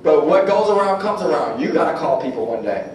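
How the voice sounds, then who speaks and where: High-voiced, lively man preaching to a crowd. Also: brisk. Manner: preachy, animated, leads call-and-response chants. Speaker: motivational seminar speaker. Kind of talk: motivational seminar talk. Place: large indoor gym. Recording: echoey gym, from far off.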